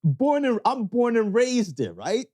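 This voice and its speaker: A man with a Canadian accent co-hosting a podcast. He tells stories with lively swings in pitch, and his voice is dark and mellow. The recording is dry and close. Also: unhurried, no room sound. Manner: expressive storyteller, drops into low voices for quotes. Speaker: podcast co-host. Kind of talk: casual storytelling chat.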